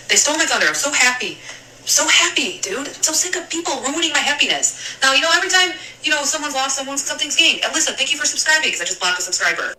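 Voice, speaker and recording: Angry high-voiced woman ranting on a live stream. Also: pushed and bright. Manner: angry, swearing, rambling. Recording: echoey room, mic at a distance, faint hiss.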